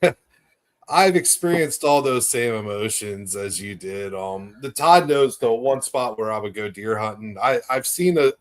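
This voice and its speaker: Host, male, mid-pitched, easygoing and blunt. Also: a little slow. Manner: relaxed, frank, swears casually. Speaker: podcast host. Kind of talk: casual interview chat.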